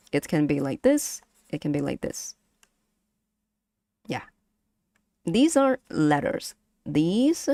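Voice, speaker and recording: A young woman with a Vietnamese accent, teaching Vietnamese on a casual stream, speaking haltingly with many fillers and repeats. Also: low voice, no echo, clean studio sound. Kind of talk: casual language lesson stream.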